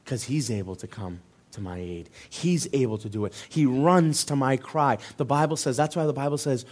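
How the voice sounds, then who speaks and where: A male pastor preaching a sermon in a church. He tells a personal story and swings between loud, urgent passages and hushed ones. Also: mid-range voice, normal speed, hardly any pauses.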